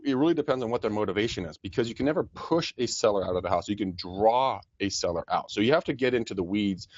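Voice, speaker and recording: Fast-talking man on a podcast. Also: on the low side, no echo, highs cut off. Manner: fast, animated, laughing often, many repeated words. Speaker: podcast co-host, real estate agent. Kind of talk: casual podcast chat.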